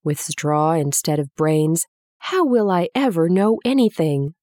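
A woman voicing a friendly, gentle male scarecrow made of straw, earnest, simple and a little sad. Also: deep voice, lively intonation, unhurried, no room sound, clean studio sound.

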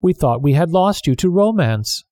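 A man's voice: fairly high pitch, animated, normal speed, dark tone, no echo, studio quality, voice pushed up, natural voice. A man voicing a hearty jovial swordsman. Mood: teasing.

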